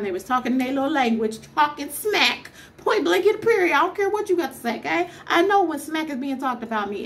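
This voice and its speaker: A woman's voice: a little high, a little hiss or hum. Exasperated young woman ranting. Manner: exasperated, emphatic, fires off rhetorical questions. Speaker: vlogger. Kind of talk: casual storytime rant.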